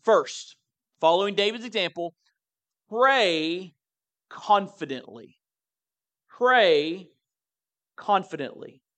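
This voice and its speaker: A man's voice: high voice, lively intonation, slow pace, pauses often, a bit bright, no echo. Conversational preaching man, dry sound. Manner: conversational, repeats words when emphasizing. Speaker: pastor. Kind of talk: sermon.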